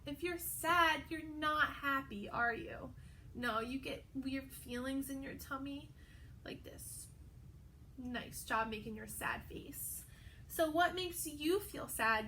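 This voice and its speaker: A young adult woman teaching a video lesson to young children, talking in a slow, sing-song, encouraging way. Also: high-pitched, sharp tone, slight background noise. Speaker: pre-K teacher.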